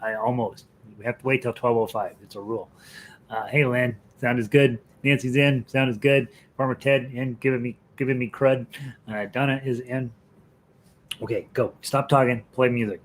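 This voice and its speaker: A middle-aged man teaches a casual ukulele class over live stream, chatting and joking with students as he counts in the tunes and calls out notes while playing. His medium-pitched voice is flat at a normal speed, with a little hiss or hum in the audio.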